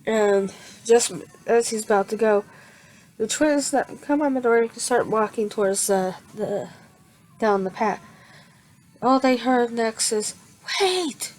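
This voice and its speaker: A woman telling a fan-made story in her own words, halting and restarting often with many fillers. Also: on the high side, darkish tone, poor audio. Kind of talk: improvised fan fiction narration.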